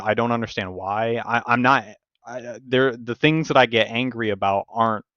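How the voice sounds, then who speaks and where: A man hosting a podcast, telling stories in casual, profane, animated chat. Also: medium pitch, no room sound, dull audio. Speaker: podcast host.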